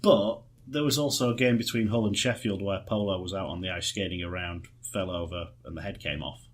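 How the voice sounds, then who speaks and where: A man co-hosting a podcast, chatting in a lively, enthusiastic way and telling anecdotes. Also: low voice, fairly quick. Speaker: podcast co-host. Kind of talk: casual chat.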